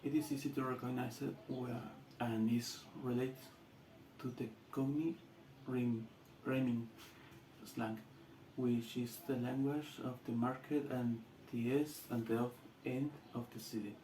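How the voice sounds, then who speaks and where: A man with a Latin American Spanish accent, a student giving a class presentation in halting English with restarts. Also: medium pitch, fairly even intonation, dark tone, reverberant, a little hiss or hum, rough recording.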